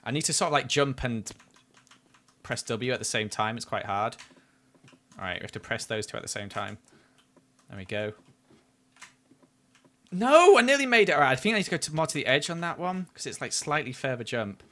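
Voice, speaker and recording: A man with a mid-range voice talks fairly quickly in a pushed, bright way. He's commentating live over a game stream, knocking his own play and flaring up whenever he barely misses.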